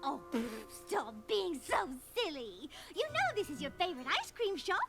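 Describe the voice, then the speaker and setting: A woman's voice: extremely high pitch, wildly swooping pitch, normal speed, a bit bright, faint music behind, heavily acted. A woman voicing an elegant, theatrical pony lady in a cartoon, with refined, gushing delivery. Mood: doting. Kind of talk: animated cartoon dialogue. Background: cartoon score.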